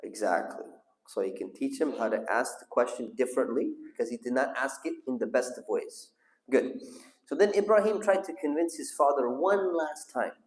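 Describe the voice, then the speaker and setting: A man leads a religious lesson, telling a story and pausing to put questions to his listeners and call on them. His voice sits at a middle pitch. The recording carries the echo of a large hall. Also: a little mellow. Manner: asks the audience questions and calls on listeners. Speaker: sheikh teaching a class. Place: mosque hall. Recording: echoey hall.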